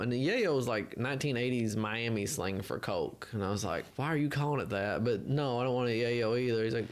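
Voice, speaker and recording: A man's voice: mid-range voice, fast talker, few pauses. A man co-hosting a podcast, telling stories animatedly and acting out the people he met. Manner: animated storyteller acting out other voices. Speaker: podcast co-host. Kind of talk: casual chat.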